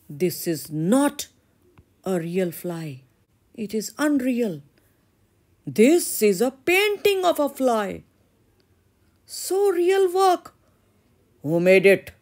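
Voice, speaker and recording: A woman voicing an older male master painter who exclaims loudly. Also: exaggerated voice. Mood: puzzled. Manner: booming, exclaiming.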